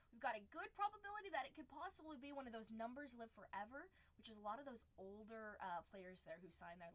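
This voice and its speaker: A woman's voice: high-pitched, bright, forceful tone. A young woman hosting a live card-break stream, chatty and laughing often as she reads viewer comments aloud. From San Diego area.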